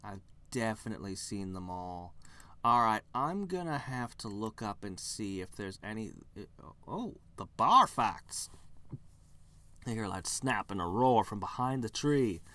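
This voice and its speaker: A man's voice: on the low side, expressive, measured pace, sharp tone. A man hosting a game let's play, reading the game text aloud with wry, playful commentary.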